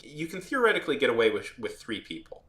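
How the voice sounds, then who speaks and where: A man's voice: mid-range voice, very animated, fast talker, a bit bright, roomy sound. A man who works as a videographer tells a story in a casual, rambling rant, with many restarts and free swearing. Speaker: videographer and editor.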